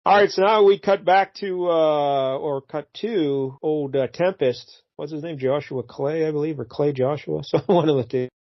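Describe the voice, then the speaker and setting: Relaxed joking man on a podcast. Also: fairly high pitch, normal speed, hardly any pauses, no room sound, lo-fi sound. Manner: relaxed, joking, retells scenes with quoted lines. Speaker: podcast co-host. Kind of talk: casual comic book chat.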